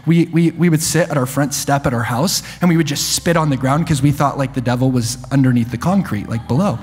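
A man preaching an energetic televised sermon, animated and playful with wordplay, swinging from hushed asides to shouts. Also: mid-range voice, brisk, breathy edge. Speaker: preacher and TV host. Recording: long hall reverb.

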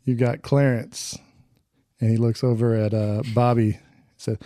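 A man co-hosting a podcast, telling stories in an animated, casual way. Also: medium pitch, measured pace, dry recording, clean studio sound. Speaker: podcast co-host. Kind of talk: casual chat.

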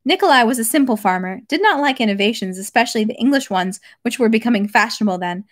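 A young woman reading a long classic novel aloud, steady, with occasional slips and restarts. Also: a little high. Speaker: reader.

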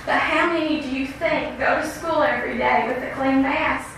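A woman speaks insistently at a school board meeting, her voice high and sharply bright. She keeps checking in with her listeners as she presses each point. The sound is picked up from across a very echoey room. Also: fairly even intonation, moderate pace, distant mic, a little hiss or hum. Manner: earnest, insistent, keeps asking "okay?". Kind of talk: public comment speech. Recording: very echoey room heard from afar.

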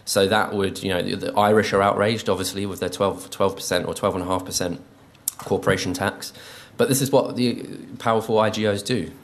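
A man with a notably low voice speaks from a conference stage. He halts and restarts often, peppering his talk with ums. He takes an indignant, disapproving tone. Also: fairly even intonation, fairly quick, hardly any pauses. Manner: hesitant, full of ums, indignant. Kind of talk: informal conference speech. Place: conference venue.

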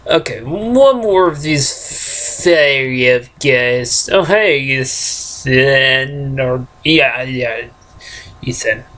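A man's voice: medium pitch, expressive, drawn-out words, a bit bright. A man hosting a game let's play, rambling casually and chuckling to himself as he plays. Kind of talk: casual gameplay commentary.

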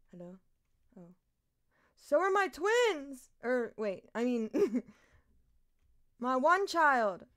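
Giggly, slow-talking British woman streamer. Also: medium pitch. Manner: giggly, sweary, rambling. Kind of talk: live gameplay commentary. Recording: loud background music. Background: game music.

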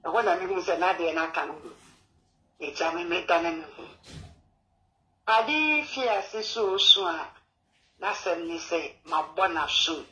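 A woman's voice: lowish voice, lively intonation, unhurried, pauses often, pushed and bright, rough recording. A woman calling in to an advice show, rambling through her story in broken English. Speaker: caller. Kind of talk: phone-in conversation.

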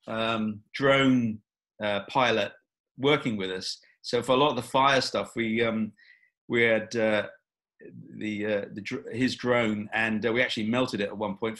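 A man who is a film director, answering interview questions in a relaxed, rambling way with many fillers and restarts. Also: lowish voice.

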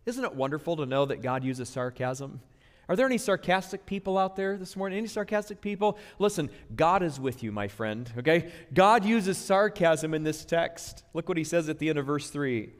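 A male pastor preaching a sermon in a church sanctuary, emphatic and conversational, slowing down to stress key words. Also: fairly high pitch, expressive, long reverb tail.

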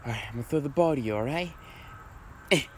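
A man's voice: mid-range voice, lively intonation, quick pace, a little hiss or hum. A young man performing a casual improvised comedy skit, voicing several friends who bicker in whiny, slangy banter full of fillers.

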